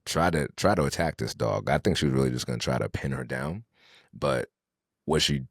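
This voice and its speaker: Very deep-voiced gravelly man telling stories. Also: fairly quick, no room sound, clean studio sound. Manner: slangy, animated storyteller with restarts. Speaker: podcast co-host. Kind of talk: casual storytelling chat.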